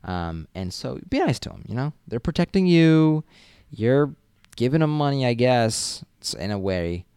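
This young Massachusetts college student vlogs casual stories, chatting and rambling with plenty of fillers and restarts. He has a mid-range, dark, smooth voice with a sing-song lilt and measured pace, captured in clean studio sound without echo.

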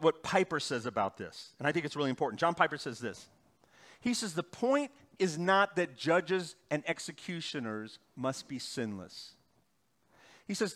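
A middle-aged male pastor preaching a sermon, swinging between loud emphatic bursts and quiet, slow passages. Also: on the high side.

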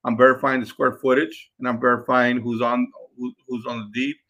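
A man's voice: medium pitch, level tone, fairly quick, sharp tone. A man, hosting a podcast and giving an instructional talk, emphatic and repeating himself as he addresses the listeners as guys. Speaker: podcast host and sales trainer.

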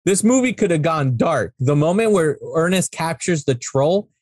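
A man with a high-pitched voice chats loosely about a film, swearing often and slipping into quoted lines from the characters. The sound is dry and close, with no room around it. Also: expressive, normal speed, a little mellow, no room sound. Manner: rambling, profane, acts out characters' lines in quotes. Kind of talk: casual movie discussion.

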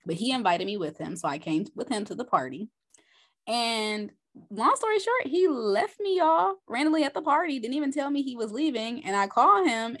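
A woman guest on a podcast, telling a personal story in an animated, profane, casual way with lots of restarts. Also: mid-range voice.

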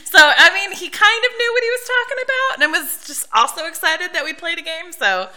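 A woman's voice: extremely high pitch, fairly quick. A woman co-hosting a casual podcast, chatting and telling stories with lots of laughter and acted-out lines. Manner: lively storyteller who acts out others' lines and laughs often. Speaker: podcast co-host. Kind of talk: casual chat.

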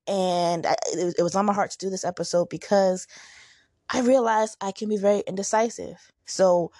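A woman hosting a motivational podcast, talking in a casual, upbeat and chatty way with lively jumps in her voice. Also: on the low side, no echo, studio quality. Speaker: podcast host.

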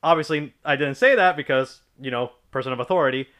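Young male co-host, bright and clear-toned, loose anecdotal delivery with plenty of swearing. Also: on the high side, quick pace. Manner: rambling, profane anecdote-telling. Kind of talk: casual chat.

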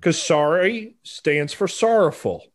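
Slightly higher-voiced opinionated man. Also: takes it slowly. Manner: opinionated, thinks aloud, restarts. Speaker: podcast co-host. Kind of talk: casual chat.

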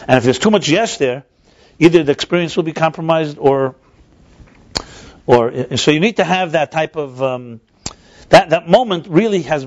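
A man teaching a text-study class, thinking aloud with frequent restarts and answering his own questions. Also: on the high side. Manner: explanatory, asks and answers himself. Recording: dull lo-fi recording.

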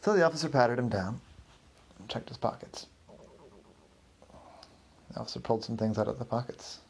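A man telling an improvised story to children in a relaxed, informal way. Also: mid-range voice, moderate pace, creaky, a little hiss or hum.

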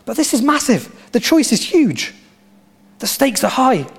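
A man preaching a sermon as pastor, with animated storytelling and emphatic repetition. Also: very high voice, unhurried, creaky, husky.

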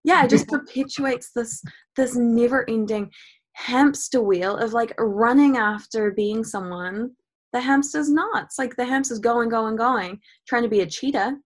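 A woman's voice: fairly high pitch, a little slow. A woman co-hosting a casual podcast conversation. She talks in a reflective way, says "like" often and reaches for playful analogies. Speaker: podcast co-host.

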